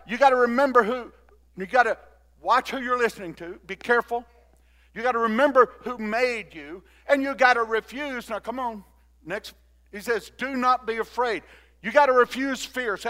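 An older man preaching a sermon and leading the congregation in call-and-response, moving between quiet talk and loud exhortation. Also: high voice, normal speed. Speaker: pastor.

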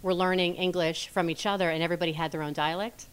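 A woman chatting as a podcast guest, talking in an enthusiastic, animated way about her own show. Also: lowish voice, fast, smooth. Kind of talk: casual chat.

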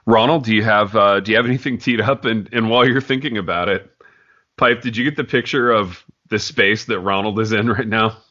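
Podcast host, man, lowish bright voice, jokey banter, dull lo-fi sound. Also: a little fast. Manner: joking, teasing banter. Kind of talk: casual podcast chat.

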